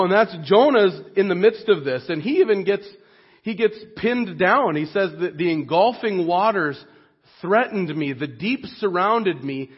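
A man preaches a sermon with a fairly high, husky voice. He speaks earnestly and expressively and sinks soft and low when the point turns grave. The recording sounds dull and lo-fi.

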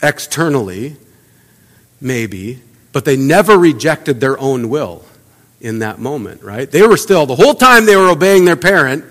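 A pastor giving a sermon in a conversational way, asking the congregation rhetorical questions and acting out little everyday asides. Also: male voice, medium pitch, animated, unhurried, a bit bright. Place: church sanctuary. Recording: long church reverb.

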